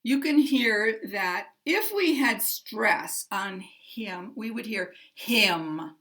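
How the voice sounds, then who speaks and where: A woman teaching American English pronunciation, speaking slowly and carefully and modeling example sentences. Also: on the high side, big pitch swings, fairly bright tone. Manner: very slow and careful, drawing out key words. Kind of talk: slow, deliberate teaching with spoken examples.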